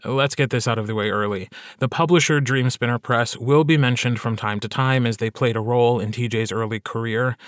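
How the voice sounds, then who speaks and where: A man hosting a podcast, giving clear, scripted narration that explains and links the stories. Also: medium pitch, no room sound, clean studio sound. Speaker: podcast host.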